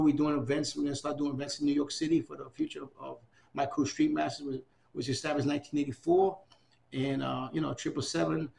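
A man in his fifties in an oral history interview, talking in an excitable, repetitive way and giving out many shout-outs. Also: mid-range voice, vocal fry, a little hiss or hum. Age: 50s.

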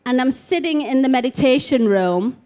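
A woman's voice: high-pitched, lively intonation, normal speed, a little mellow. A woman speaking at an expo about spiritual healing, telling stories in a chatty way full of casual fillers. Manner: chatty storytelling, many "like" fillers. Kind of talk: live talk to an expo audience. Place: expo talk room.

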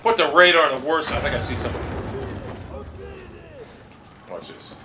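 A man's voice: a little high, very fast. A man ranting angrily over his gameplay, swearing constantly and complaining in exasperation. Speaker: gamer streaming gameplay. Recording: roomy, distant mic with loud game noise.

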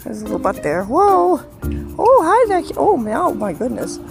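Cooing high-pitched woman talking to a cat. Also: big pitch swings, fairly quick, creaky. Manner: cooing, playful baby talk. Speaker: vlogger. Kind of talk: casual talk to a cat while filming. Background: background music.

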